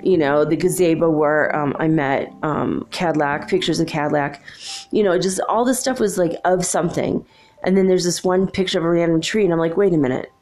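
A woman's voice: sits low, a little fast, a little mellow, faint music behind. A woman telling a personal story in a casual, rambling way, with many fillers and frequent laughs.

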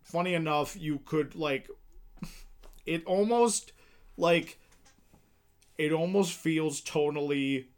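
A man's voice: fairly high pitch, clean tone. A man co-hosting a podcast, chatting casually about movies, rambling with lots of fillers and restarts. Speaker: podcast co-host. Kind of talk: casual film chat.

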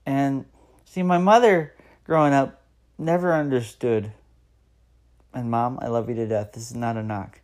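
A man's voice: medium pitch, steady tone, a little slow, a little mellow. A man in his thirties hosting a solo podcast, talking earnestly and encouraging listeners, repeating phrases for emphasis. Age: 30s. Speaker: podcast host. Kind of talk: solo motivational podcast talk.

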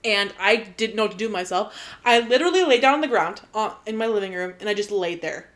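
A woman's voice: mid-range voice, quick pace. Gushing young woman in casual chat. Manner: gushing, animated, swears freely. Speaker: podcast co-host.

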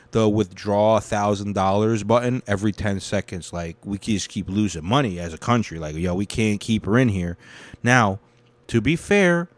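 A man's voice: lowish voice, no room sound. A young man hosting a casual news commentary, rambling and swearing freely. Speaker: show host.

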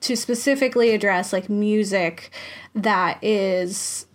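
This podcast host speaks slowly in a medium-pitched woman's voice. Her casual chat is chatty and relaxed, full of frequent laughter and plenty of filler words.

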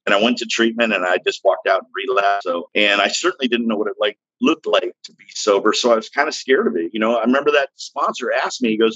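Low-voiced man telling his story bluntly. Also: fast talker, few pauses, fairly bright tone, dry recording, highs cut off. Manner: blunt, frank, plainspoken with casual slang. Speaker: podcast guest, recovery interventionist. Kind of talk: candid personal storytelling.

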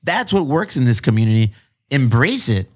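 A man with hosts a casual podcast, swearing freely and circling back over his own phrases. His pitch jumps around a lot as he talks, at an ordinary middle height. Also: moderate pace, slightly rough. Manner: animated, profane, repeats phrases for emphasis. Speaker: podcast host.

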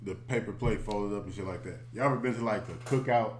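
A man with a fairly low voice talks slangy and animated as a podcast host, swinging into stories with a loose, easy delivery. The room around him has a noticeable echo. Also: fast. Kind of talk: casual chat.

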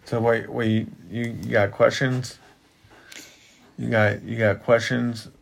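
Slow gravelly man teaching. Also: mid-range voice, little pitch movement, a little hiss or hum. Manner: halting, repeats himself while building to a point. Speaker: Bible teacher and podcast co-host. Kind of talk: casual Bible teaching chat.

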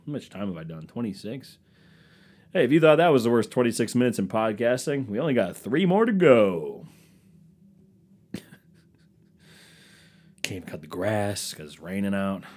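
Young male solo podcaster, animated and rambling, self-mocking comic with crowd-work asides. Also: lowish voice, husky. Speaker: podcast host. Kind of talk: solo comedic podcast rant.

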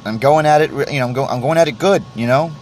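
A man's voice: mid-range voice, fast, darkish tone, slight background noise. A man hosting his own podcast, rambling casually and self-deprecatingly while tasting tea, cursing often and stumbling over restarts. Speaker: podcast host. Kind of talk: casual solo podcast rant.

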